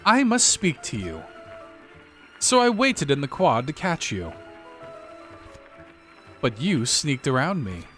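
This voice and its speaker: A man's voice: fairly high pitch, wildly swooping pitch, slow, long pauses, a bit bright, soft background music, heavily acted. A man voicing a haughty teenage French schoolgirl who talks in grand, theatrical, oddly broken phrases, without a French accent, for a game playthrough.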